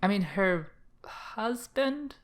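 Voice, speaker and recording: Bright, chatty anime podcast co-host. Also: mid-range voice, very slow. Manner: chatty, animated, many fillers and acted asides. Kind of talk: casual anime review chat.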